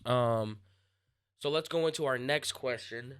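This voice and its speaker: Young man, podcast host, casual sports talk, smooth resonant voice, animated, stop-start phrasing. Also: mid-range voice. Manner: animated, restarts and pauses mid-thought.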